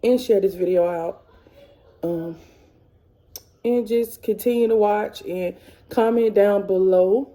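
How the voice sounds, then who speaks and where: A woman's voice: mid-range voice, slow, pauses often, dark tone. A woman in her thirties vlogging to camera in casual, emotional chat, rambling and repeating herself. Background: kids faintly in background.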